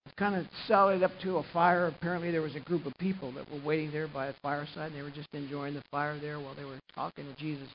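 A man preaching a sermon and retelling a gospel story, swinging from quiet narration up to loud, emphatic passages. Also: on the high side, fairly even intonation, fast, hardly any pauses. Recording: muffled lo-fi recording with faint hiss.

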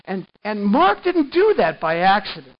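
A man preaching a sermon as pastor, animated, swinging from hushed tones to loud emphasis and often repeating words. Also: high-pitched, moderate pace, muffled recording.

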